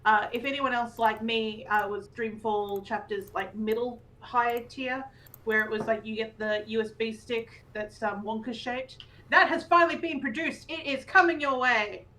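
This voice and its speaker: A high-voiced woman with a Yorkshire accent, chatting on a casual podcast. She reads an email aloud but keeps breaking off with giggly asides. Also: steady tone, moderate pace, pushed and bright, poor audio. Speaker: podcast co-host. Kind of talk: casual roundtable chat, reading an email aloud.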